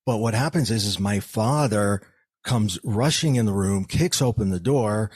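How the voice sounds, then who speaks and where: A man with a fairly low voice tells a personal story as a podcast guest. He speaks earnestly and often restarts his sentences, filling pauses with "um" and repeated words. The sound is dry and close, with no room echo. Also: a little mellow, slightly rough. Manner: earnest, many restarts and fillers.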